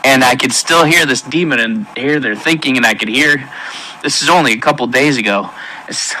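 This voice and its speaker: A man giving an emotional personal testimony in an earnest, halting way, with many pauses and restarts. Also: mid-range voice, pushed and bright, a little hiss or hum, low-quality recording. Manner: intense, pleading delivery. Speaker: testimony speaker.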